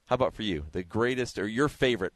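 A man's voice: fairly low pitch, fast, no room sound. A man hosting a radio show, chatting casually with restarts and asides.

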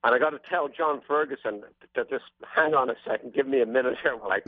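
A man's voice: medium pitch, quick pace, no echo. A man, a racehorse trainer, telling wry anecdotes as a guest in an interview. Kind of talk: storytelling interview answers. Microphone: telephone. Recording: tinny phone line, dry.

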